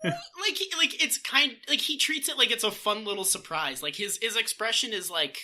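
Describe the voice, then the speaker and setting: A man co-hosting a podcast in casual chat, animated and swearing, slipping into mock voices. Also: very high voice, moderate pace. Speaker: podcast co-host.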